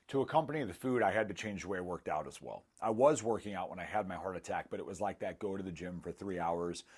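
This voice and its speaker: A man's voice: deep voice, breathy edge. A man in his thirties giving a candid, self-mocking testimonial in casual storytelling style. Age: 30s. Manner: candid, self-mocking, acts out quoted dialogue. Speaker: former client giving a testimonial.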